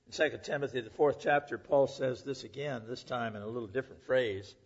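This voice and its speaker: A man preaching a sermon at a church service, earnest and emphatic, rising loud and then dropping to a hush. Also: medium pitch, brisk, breathy edge, lo-fi sound. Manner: earnest, emphatic, swings between loud and hushed. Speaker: pastor.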